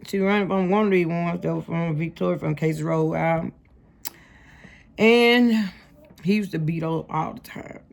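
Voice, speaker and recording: Young woman, storytime vlog, slangy, talks to viewers, low gravelly voice. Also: measured pace. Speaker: vlogger telling her life story. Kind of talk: casual storytime monologue.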